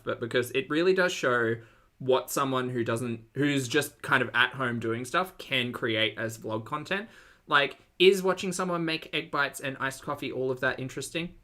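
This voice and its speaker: Australian male reactor with a bright tone; dry, sarcastic, chatty. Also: medium pitch, normal speed. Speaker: reaction commentator. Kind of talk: reaction commentary.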